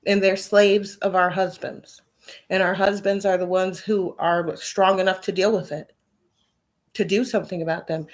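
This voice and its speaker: Woman on a blunt, profane rant. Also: mid-range voice. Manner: heated, blunt and profane, with rhetorical questions. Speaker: vlogger. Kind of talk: ranting monologue to camera.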